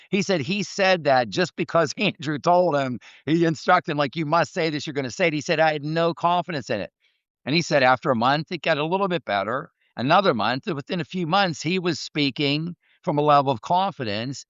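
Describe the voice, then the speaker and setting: A man speaks in a smooth, clear voice of middling pitch, earnest and preachy as he tells stories. The sound is dry and a little dull and lo-fi, with no room around it. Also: fairly quick, fairly bright tone, no echo. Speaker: mindset coach podcast host. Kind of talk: motivational talk.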